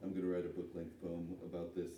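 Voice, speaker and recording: A man interviewing an author, asking long halting questions full of hedges and "like"s. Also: low-pitched, monotone, mellow, a little hiss or hum. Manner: halting, hedging, many "like"s. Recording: echoey hall from far off.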